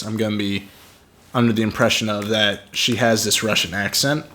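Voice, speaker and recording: A man's voice: mid-range voice, sharp tone. A man co-hosting a casual film review podcast, giving blunt, joking opinions. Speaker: podcast co-host.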